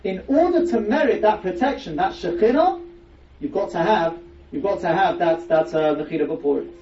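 A man's voice: sits high, animated, normal speed, dark tone, a little hiss or hum. A man giving a Torah lecture, explaining with emphatic rhetorical questions. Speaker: rabbi giving a Torah class. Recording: echoey, distant, dull-sounding recording.

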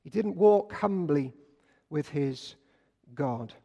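A man preaching a sermon, telling stories and swinging between loud bursts and hushed lines. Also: fairly high pitch, expressive, slow pace, vocal fry, husky. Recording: long hall reverb.

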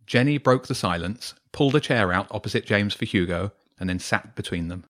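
A man reading a bedtime story aloud to his children, in an expressive read-aloud way. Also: fairly low pitch, a little fast, hardly any pauses.

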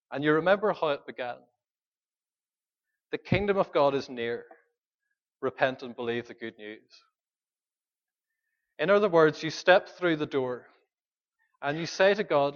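Male pastor, earnest sermon delivery, lo-fi church recording. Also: a little high. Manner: earnest, pleading, questions the congregation.

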